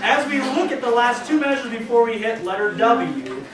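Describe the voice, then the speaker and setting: Man coaching a band, high voice. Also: sing-song, normal speed, noisy background. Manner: counts off and sings rhythms to the players. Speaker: band director. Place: large rehearsal room with band. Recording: roomy, distant camera audio with band.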